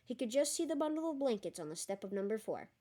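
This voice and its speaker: A woman reading a novel aloud in a lively way, breaking off for chatty, joking asides. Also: fairly high pitch, fast. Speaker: reader.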